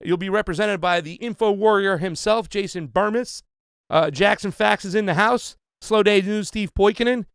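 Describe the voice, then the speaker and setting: Chatty high-voiced man hosting trivia. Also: moderate pace, creaky, a bit bright, smooth, dry recording, studio quality. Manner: loose, chatty, frequent fillers and restarts. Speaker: trivia game host. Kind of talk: casual livestream trivia hosting.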